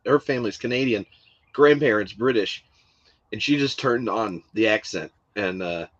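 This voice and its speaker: A man's voice: on the low side, normal speed, a bit bright, dry recording, highs cut off. A man co-hosting a podcast, chatting casually with many fillers and restarts. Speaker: podcast co-host. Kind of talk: casual chat.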